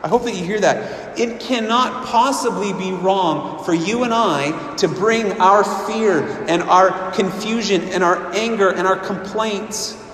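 A man's voice: sits high, unhurried, a bit bright, a little hiss or hum. A man preaching a sermon with earnest emphasis, often repeating and restarting words. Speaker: pastor. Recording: echoey hall with long reverb.

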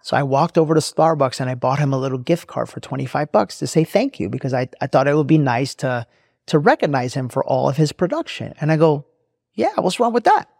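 Male podcast host, motivational storyteller, gravelly tone, dry close sound. Emphatic and repetitive. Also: mid-range voice, fast talker, darkish tone, no room sound. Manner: emphatic and preachy, repeats phrases.

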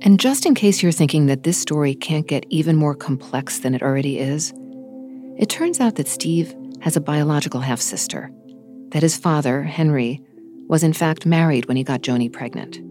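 A woman hosting a podcast, talking in a thoughtful, measured way and narrating between interview segments. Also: low-pitched, animated, dark tone, faint music behind. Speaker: podcast host. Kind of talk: reflective podcast conversation and narration.

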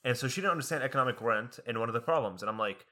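Young male student, bright and punchy tone, animated, exasperated storyteller. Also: medium pitch, very fast. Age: young adult. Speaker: college student. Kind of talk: casual chat.

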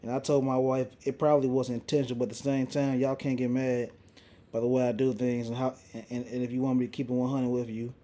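A young man hosting a casual podcast, telling a story in a profane, animated way with lots of restarts. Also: mid-range voice, quick pace. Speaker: podcast host. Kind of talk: casual chat.

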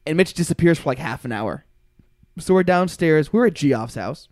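A young man co-hosting a casual podcast, telling a story animatedly with loud bursts and laughter. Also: a little high, animated, moderate pace, no room sound, studio quality. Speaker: podcast co-host.

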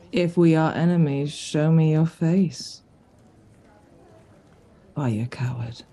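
A woman's voice: fairly low pitch, dark tone. A woman voicing a stern female adventurer who coldly threatens and taunts a captive in a tabletop game.

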